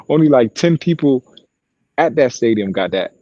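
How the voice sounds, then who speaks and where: A man's voice: medium pitch, a little slow, dry recording, dull audio. A man co-hosting a podcast, telling a long profane story in casual chat. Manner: profane, animated storytelling with acted quotes. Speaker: podcast co-host and sideline broadcaster.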